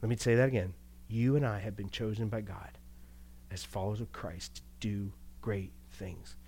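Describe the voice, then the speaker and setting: Male pastor, casual preaching voice, lively delivery with rhetorical questions and quick laughs. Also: fairly low pitch, creaky, a little hiss or hum. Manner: animated, rhetorical questions, chuckles. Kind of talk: conversational sermon.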